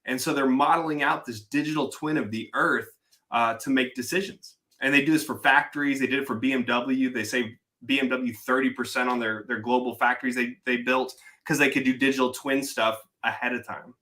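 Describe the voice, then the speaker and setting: A man guesting on a podcast who chats casually and explains things eagerly in quick bursts. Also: mid-range voice, steady tone, sharp tone. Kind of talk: casual chat.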